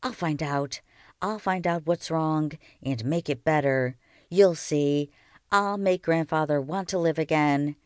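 A woman reading aloud and voicing a stubborn, loyal ten-year-old boy in a lifted, softer voice. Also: a little slow, no room sound, clean studio sound. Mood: pleading. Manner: higher and softer boyish voice.

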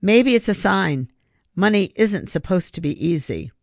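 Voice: mid-range voice, expressive, measured pace, vocal fry, no room sound, studio quality. A narrator voicing an earnest father who sighs over money troubles. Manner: sighing, earnest. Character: worried father with an invention.

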